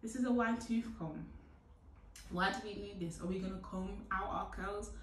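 A young woman talks through a hair routine in a loose, playful way, breaking into loud whoops now and then. She sounds set back from the mic, and the room echoes around her. A faint hiss sits underneath. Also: mid-range voice, fairly even intonation, moderate pace, far from the mic. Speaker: hair tutorial vlogger. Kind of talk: casual how-to chat to camera.

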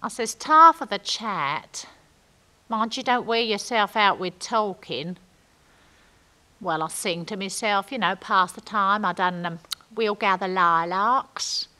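A woman's voice: mid-range voice, slow pace, sharp tone. An actress playing a chatty young woman in a comic monologue, with a rambling, ungrammatical way of telling stories. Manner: gossipy, rambling, ungrammatical storytelling. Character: chatty working-class young London woman.

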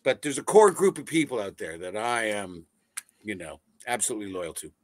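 A man, a voice actor telling stories in a casual interview, animated and swearing freely over a video call. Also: lowish voice, fairly quick, no room sound. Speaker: voice actor guest. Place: home setup on a video call.

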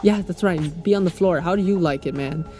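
A young man giving let's play commentary on a mobile fighting game, crude and joking, with loud excitable outbursts. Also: fairly high pitch, fairly quick, soft background music. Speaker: gaming YouTuber.

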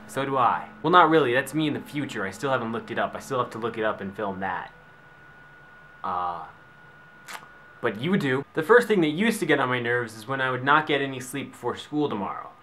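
A man's voice: mid-range voice, animated, brisk, sharp tone, a little hiss or hum. A young man vlogging at home into his camera, rambling through sarcastic asides and joking tangents. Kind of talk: comedic vlog monologue.

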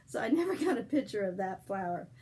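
An older woman with a husky voice, gently telling a story and devotional to her grandchildren. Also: mid-range voice, sing-song, fast, rough recording. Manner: gentle, affectionate, sings softly. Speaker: storyteller for children.

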